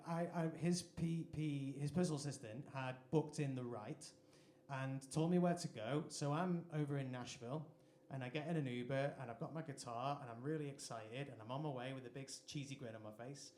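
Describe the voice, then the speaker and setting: A man's voice: medium pitch, normal speed, a little mellow, a little hiss or hum. An English man, a singer-songwriter performing live, telling a chatty, self-deprecating anecdote on stage between songs. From England. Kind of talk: onstage storytelling between songs. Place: live music venue stage. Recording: echoey live venue sound.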